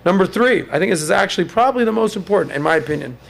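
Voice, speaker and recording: A man in his thirties hosting a casual podcast chat, telling stories in an animated way and mimicking others in high mocking voices. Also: very fast, vocal fry. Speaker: podcast host.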